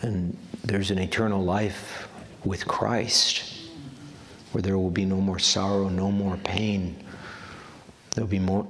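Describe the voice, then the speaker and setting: Earnest low-voiced male preacher, reverberant hall. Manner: earnest, repeats words for emphasis. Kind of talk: sermon. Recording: long hall reverb, faint background noise.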